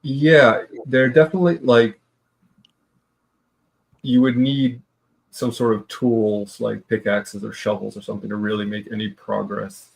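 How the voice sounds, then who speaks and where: Slow, gravelly man running a game. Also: on the low side, level tone. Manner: halting, full of ums. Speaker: dungeon master. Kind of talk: tabletop game narration.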